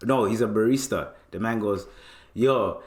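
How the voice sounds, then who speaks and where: A podcast host with a Toronto accent rambles through casual chat, laughing a lot and using plenty of slang. His voice is fairly low and a bit bright, and he speaks a little slowly. The room sounds echoey.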